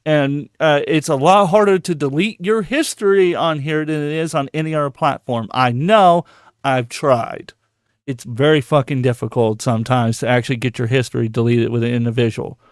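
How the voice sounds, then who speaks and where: A man hosting a casual podcast, excitable and swearing often, repeating words when worked up. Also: medium pitch, moderate pace, no echo, studio quality. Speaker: podcast host. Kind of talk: casual profane podcast chat.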